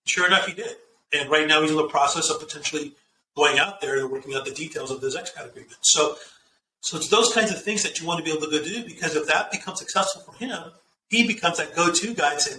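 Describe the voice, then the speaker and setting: A fast-talking man tells stories in an animated way, voicing the people in his anecdotes and often repeating words as he starts a thought. His voice is bright and forceful. He sounds a little far from the mic in a roomy space with a faint hum behind him. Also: a little high. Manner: animated storyteller, acts out quoted dialogue, repeats words when starting. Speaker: guest, CEO and author. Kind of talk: interview.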